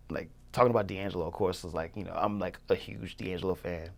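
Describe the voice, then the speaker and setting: A man's voice: deep voice, fairly even intonation, fast talker, creaky. A young man, a music producer, telling a story in casual chat, loose and full of fillers. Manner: loose, filler-heavy, many "like"s, acts out quotes.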